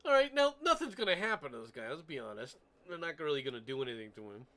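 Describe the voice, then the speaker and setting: Guy hosting a chill stream, laughs a lot, really animated voice, kinda sharp tone. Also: fairly high pitch, fast. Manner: laughs often, animated and joking. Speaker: stream host. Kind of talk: casual stream chat.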